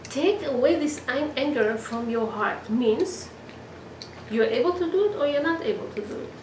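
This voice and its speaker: A high-voiced woman teaches a Torah class, telling the tale with lively restarts. She is recorded from across an echoey room, with faint ambience behind her. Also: moderate pace, a little hiss or hum. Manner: animated storytelling with many restarts. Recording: echoey room, mic from a distance.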